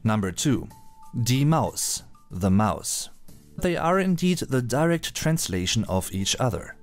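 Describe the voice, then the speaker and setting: Lively man teaching. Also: mid-range voice, slow, faint music behind. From Germany. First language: German. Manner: chatty, playful asides, careful pronunciation. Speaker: German language teacher. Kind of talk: online language lesson.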